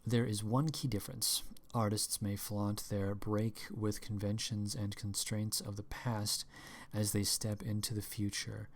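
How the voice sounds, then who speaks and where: A man's voice: on the low side, flat delivery, unhurried. A man reading passages from a book aloud in a casual stream, breaking off with wry, meandering comments of his own. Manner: meandering, with fillers and restarts. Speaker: podcast host reading aloud.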